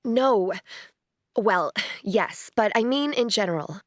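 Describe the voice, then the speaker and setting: A woman's voice: mid-range voice, animated, takes it slowly, no room sound, clean studio sound. A woman voicing a charismatic young actress who speaks with dreamy earnestness, in a storybook reading. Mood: earnest.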